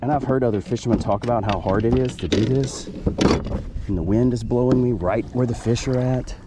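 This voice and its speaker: Kayak fishing on a river outdoors, a man talks casually to the camera, chatty and self-deprecating, as he narrates his vlog. His medium-pitched voice is fairly quick, and the recording is very noisy.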